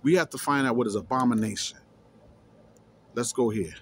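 A man's voice: mid-range voice, moderate pace, fairly bright tone, slight background noise. A man reading scripture aloud and explaining it emphatically, repeating key words and challenging his listeners. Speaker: scripture teacher.

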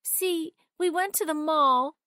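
A caring young girl from a children's storybook, as a woman reader puts her on, worried for her little brother. Her voice is pitched high and childlike. The recording is dry and close. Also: slow pace, sharp tone, dry recording, full character voice. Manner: urgent, worried.

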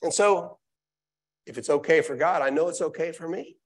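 A man's voice: a little high, normal speed. A man preaching a live sermon in a church, reading scripture aloud and then restating it with emphatic repetition. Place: church sanctuary.

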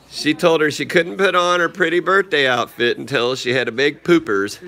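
Excitable dad doing a home livestream, bouncy singsong voice, bright tone, slow and drawn out. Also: male voice. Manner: sing-song, exclamatory, often leaps high in pitch. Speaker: vlogger dad hosting a livestream. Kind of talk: livestream chat to his daughter and viewers. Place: family home, indoors. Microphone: phone camera.

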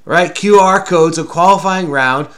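This crossword host has a high, fairly bright voice and an unhurried delivery. Solving a puzzle casually with a child, he teases playfully and patiently explains each clue.

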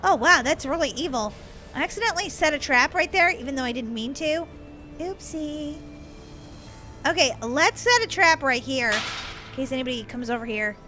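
A woman's voice: high-pitched, expressive, a little fast, pushed and bright. A woman playing a game as the villain, chatting playfully, giggling and teasing in a mock-evil way. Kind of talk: playful let's-play chatter. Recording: game music underneath.

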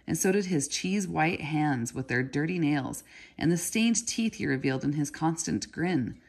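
A woman reading a children's novel aloud in a steady storybook manner. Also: low voice, creaky, husky. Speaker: narrator.

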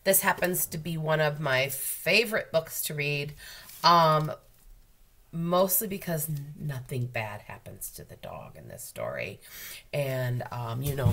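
An American school librarian reads a children's novel aloud to her students. Her voice sits low and a little breathy. She tells the story with expressive emphasis. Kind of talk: children's book read-aloud.

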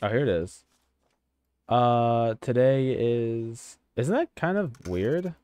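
A man giving excitable, chatty let's-play commentary while playing a video game, swearing casually. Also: mid-range voice, slow pace, smooth, no room sound. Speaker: gaming channel host.

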